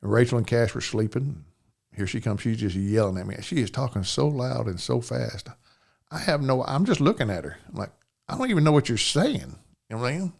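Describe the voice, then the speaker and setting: A man's voice: medium pitch, lively intonation, brisk, gravelly, a little mellow. An older man, a podcast guest telling a personal story in plain, rambling speech, often asking "you know what I'm saying".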